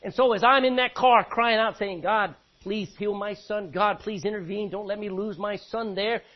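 A man preaching a sermon, swinging between loud emphatic bursts and quiet, low asides. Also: normal speed, highs cut off. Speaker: pastor.

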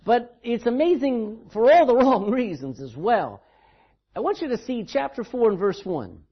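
A man's voice: very high voice, very animated, normal speed, breathy edge, lo-fi sound. A man preaching a sermon in a church, telling the story dramatically and with emphasis. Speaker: pastor.

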